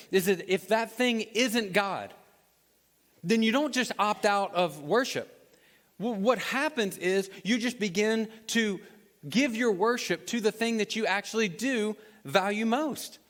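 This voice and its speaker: A man preaching a sermon as a pastor, telling a story in an animated, conversational way. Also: high voice, a little slow, big-room sound. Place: church auditorium.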